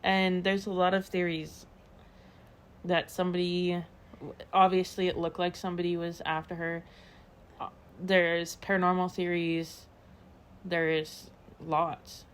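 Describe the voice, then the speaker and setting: A woman with a fairly low, clear, resonant voice talks in a level tone, a little slowly. She's a podcast co-host casually recounting true-crime stories, chatty and loaded with fillers and quoted asides.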